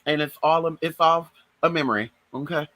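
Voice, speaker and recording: A woman's voice: deep voice, a little fast, a bit bright, no echo, poor audio. A woman vlogger chatting casually to her viewers, swearing freely and calling them y'all and girl. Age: adult. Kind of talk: casual storytelling chat.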